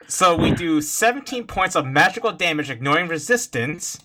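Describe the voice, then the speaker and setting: A man's voice: on the high side, animated, moderate pace, background noise. A man playing a tabletop role-playing game, eager and boisterous, swearing freely. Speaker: player. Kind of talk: casual tabletop game play.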